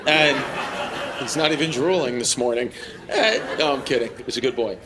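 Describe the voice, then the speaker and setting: A man's voice: mid-range voice, expressive, normal speed. A man doing teasing, brash crowd work as a stand-up comedian on a club stage, laughing along at his own jokes. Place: club stage with live audience. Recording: live club audio with crowd and noise. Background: audience laughter.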